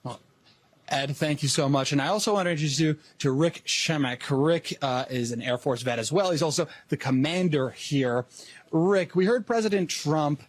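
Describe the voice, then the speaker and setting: News reporter guy, husky kinda voice, calm formal questions. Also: fairly high pitch, normal speed, dry recording. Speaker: TV news reporter interviewing veterans. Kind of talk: news interview.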